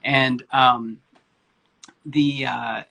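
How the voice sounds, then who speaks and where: Candid man with a husky voice. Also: medium pitch, steady tone, drawn-out words, sharp tone. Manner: candid and informal, swears casually, many fillers. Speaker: guest speaker, spiritual coach. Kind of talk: candid personal storytelling.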